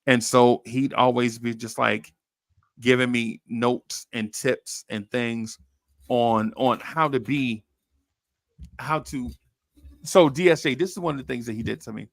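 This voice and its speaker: A man on a podcast, casually telling a story in animated, slangy talk and acting out what others said. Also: medium pitch, measured pace, vocal fry, dry recording, clean studio sound. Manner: animated, slangy storyteller who acts out quoted voices. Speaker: podcast host.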